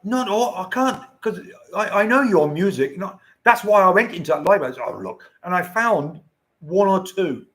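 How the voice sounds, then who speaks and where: A man's voice: high voice, animated, moderate pace, a bit bright. An older man hosting a casual livestream, chatting to viewers in a rambling way and chuckling often. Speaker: livestream host. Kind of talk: casual live-stream chat.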